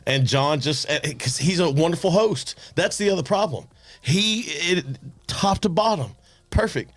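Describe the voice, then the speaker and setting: A man hosting a podcast, telling animated anecdotes with restarts and chuckles. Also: on the high side, a little slow, no echo. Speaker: podcast host. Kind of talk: casual storytelling chat.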